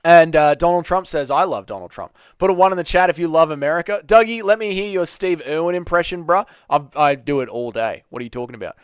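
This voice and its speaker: A young man hosts a casual live stream and chats loosely with his viewers. His voice is clear and smooth, with a lively, swinging pitch. The sound is dry and close to the microphone. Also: quick pace, hardly any pauses, dry recording. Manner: chatty, reads chat aloud, banters with viewers.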